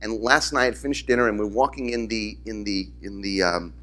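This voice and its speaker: A rabbi gives a conference keynote before an audience in a hall, speaking fairly quickly in a lowish voice with few pauses, faint music behind. He tells stories animatedly and acts out the voices of the people in them.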